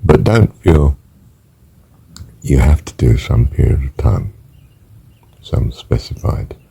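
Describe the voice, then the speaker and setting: An older man teaching a guided breathing meditation, counting breaths gently and softly, sometimes near a whisper. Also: very deep voice, lively intonation, slow, poor audio. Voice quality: gravelly, husky voice. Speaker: spiritual teacher.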